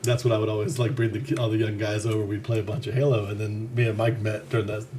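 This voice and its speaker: A man's voice: fairly low pitch, flat delivery, quick pace, warm tone, a little hiss or hum. A man co-hosting a casual chat who reads out viewer comments and tells stories, often chuckling. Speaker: co-host reading chat.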